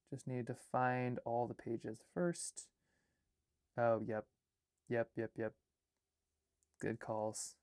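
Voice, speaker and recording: A man's voice: mid-range voice, gravelly, smooth, no echo, studio quality. A young man from Alaska, an artist and filmmaker, chatting casually on a livestream while he rambles through edits and reads chat comments and draft lines aloud.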